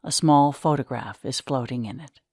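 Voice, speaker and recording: A woman narrating the stage directions of a script reading in a measured way. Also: very deep voice, darkish tone, no room sound, clean studio sound.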